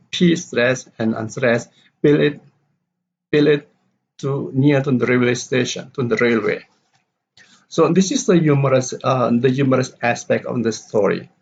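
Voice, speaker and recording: A man with a gravelly, husky voice explains how to stress words when reading a story aloud. He moves in halting steps, with plenty of pauses and fillers. The recording sounds dull and lo-fi. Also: mid-range voice, a little mellow. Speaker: English teacher.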